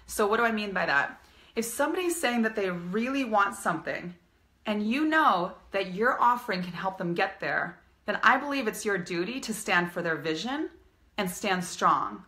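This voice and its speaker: A woman's voice: mid-range voice, expressive, moderate pace, bright, forceful tone. A woman business coach giving an upbeat, emphatic live-streamed coaching talk, repeating her key phrases.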